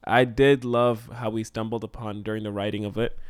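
A man co-hosting a podcast, chatting casually in a lively way, often laughing and teasing his co-host. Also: fairly low pitch, brisk, smooth, dry recording, clean studio sound. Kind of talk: casual chat.

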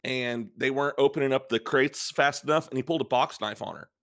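A man's voice: mid-range voice, a little fast, background noise. A man guesting on a casual group podcast, telling rambling stories with hesitant fillers.

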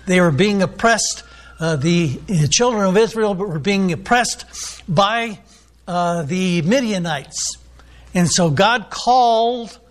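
A man preaching a sermon, teaching in a loose, rambling way with many ums and restarts. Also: high-pitched.

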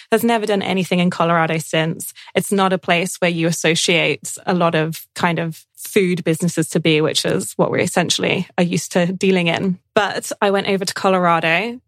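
Young British woman, podcast guest, lowish voice, dry close sound, chatty storyteller. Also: no echo. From United Kingdom. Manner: chatty storyteller, laughs often. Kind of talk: casual interview chat.

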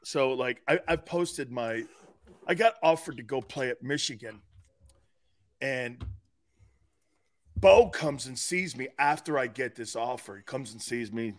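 A man co-hosting a sports talk show, telling lively stories and acting out the voices of the people in them. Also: mid-range voice, a little slow, long pauses, no room sound. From Italian-American family. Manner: animated storyteller, acts out quotes, laughs often. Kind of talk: casual sports talk storytelling.

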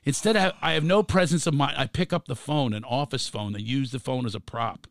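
A middle-aged man, a comedian guest on a podcast, telling an animated anecdote and laughing between lines. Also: mid-range voice, fairly quick, no room sound, studio quality. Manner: animated, acts out voices, laughs through his lines.

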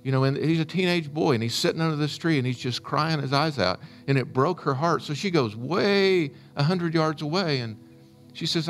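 A man's voice: fairly high pitch, lively intonation, normal speed. A man preaching a sermon, retelling a scripture story in an earnest, storytelling way. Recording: faint music underneath.

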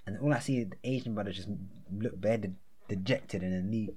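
Man, lowish voice, slangy, animated, podcast chat. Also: brisk, a little hiss or hum. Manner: animated, slangy, acts out quotes with big pitch jumps. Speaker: podcast co-host. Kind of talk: casual storytelling chat.

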